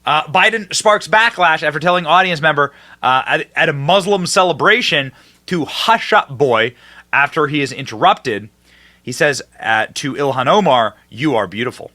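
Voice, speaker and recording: A man's voice: a little high, bright, forceful tone. A man hosting a political commentary podcast, speaking sarcastically and mockingly, jumping between emphatic points and muttered asides.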